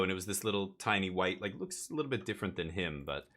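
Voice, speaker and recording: A male streamer with a lowish, bright voice talks through a card game as he plays, muttering moves to himself. His pitch rises and falls a lot, and the tone stays casual and thinking-aloud. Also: animated, fast, a little hiss or hum.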